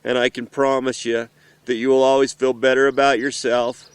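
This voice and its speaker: Middle-aged man, emotional, halting, earnest, steady even pitch, dry close sound. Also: smooth, no room sound. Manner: earnest, halting, with pauses and restarts. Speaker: father. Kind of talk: heartfelt personal message to his children. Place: outdoors in the mountains.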